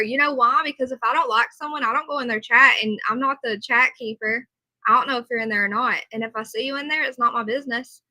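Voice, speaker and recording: A woman's voice: a little high, fast, pushed and bright, rough recording. A tired woman hosting a casual livestream, chatting and answering viewers' comments. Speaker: livestream host.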